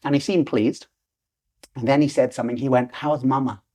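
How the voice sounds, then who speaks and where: Brisk and steady, with a dark tone in the mid range, this podcast guest, a lucid dreaming teacher in his forties, animatedly recounts a personal story, performing the different voices in it.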